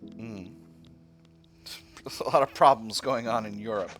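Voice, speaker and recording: Playing a strategy game, a man commentates his own moves in a fairly low, fairly bright voice, taking his time. He thinks aloud, filling gaps with fillers and making playful asides to himself.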